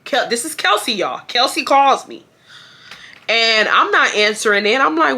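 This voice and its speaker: A woman, telling a story in a casual, animated and profane way. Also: fairly high pitch, normal speed, slightly rough. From Houston, Texas. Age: 20s. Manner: animated and profane, acting out shouted quotes. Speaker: vlogger.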